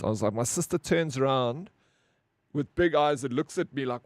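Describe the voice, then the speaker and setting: A South African man talks loosely to his stream chat at an ordinary middle pitch. He is blunt and swears freely, with lots of "bro." The sound is dry and close, with no room echo. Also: normal speed. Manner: blunt, profane, rambling with frequent "bro". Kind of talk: casual live-stream chat.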